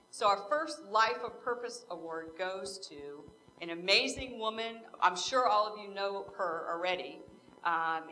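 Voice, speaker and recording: A woman presenting an award with a measured, earnest introduction. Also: fairly low pitch, bright, forceful tone, slight background noise.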